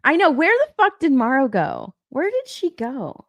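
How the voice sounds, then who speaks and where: Lively, rambling young woman streamer. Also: high-pitched, normal speed, dry recording. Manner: rambling, repeats herself, swears casually, laughs often. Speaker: stream co-host. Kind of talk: casual live-stream chat.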